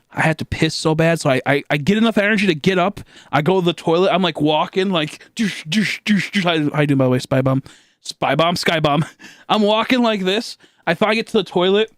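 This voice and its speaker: A young man streaming live, telling a long story in a rambling, animated way with lots of fillers and swearing, acting out his own shouts. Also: high voice, dry recording, clean studio sound. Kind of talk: casual storytelling to a live chat.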